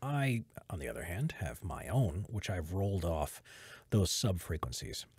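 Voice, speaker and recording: Low-voiced and breathy, speaking at a measured pace in a dry recording, an American voiceover artist walks through the audio gear in his home studio. He rambles and corrects himself in this casual, relaxed behind-the-scenes explanation into a studio mic.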